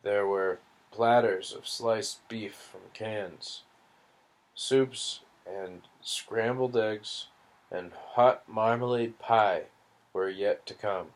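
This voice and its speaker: A man reading a novel aloud, unhurried and deliberate. His voice sits fairly low, and he lets each phrase land before moving on. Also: fairly even intonation. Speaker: audiobook reader.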